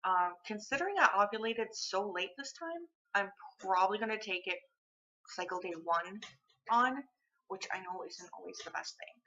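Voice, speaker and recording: A woman's voice: medium pitch, sharp tone, lo-fi sound. A young woman vlogging in casual chat to the camera, candid and rambling, with lots of fillers and restarts.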